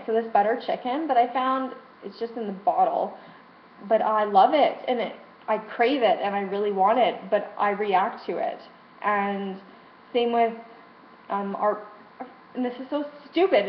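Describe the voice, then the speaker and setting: A young adult woman speaking frankly about her frustrations in a personal vlog, emotional and swearing freely. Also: a little high. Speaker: vlogger. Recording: roomy, dull lo-fi sound with faint hiss.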